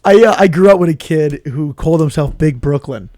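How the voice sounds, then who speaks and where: A young man with a slightly high voice riffs as a comedian on a podcast. He is animated and profane and slips into mock-tough voices. The sound is dry and close. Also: a little fast, dry recording. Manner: animated, swearing, acts out mock-tough quotes. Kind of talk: casual chat. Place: podcast studio.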